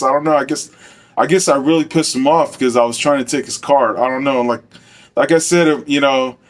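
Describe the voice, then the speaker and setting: Middle-aged man, ex-corrections officer, casual rambling storyteller, average pitch. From Arizona. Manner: loose and rambling, heavy on fillers. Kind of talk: casual first-person storytelling.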